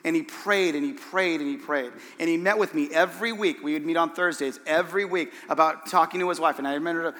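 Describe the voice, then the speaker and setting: A man preaching as a pastor, telling a story in an animated way and acting out the voices of the people in it. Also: on the high side, fast, few pauses, long reverb tail. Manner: animated, acts out the voices in his stories. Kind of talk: sermon storytelling.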